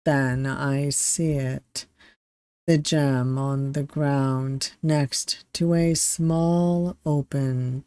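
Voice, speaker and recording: Game streamer narrating a visual novel, very slow and deliberate, dry recording. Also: medium pitch, a little mellow, smooth, no room sound. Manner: slow, deliberate reading with asides. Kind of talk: reading a visual novel aloud.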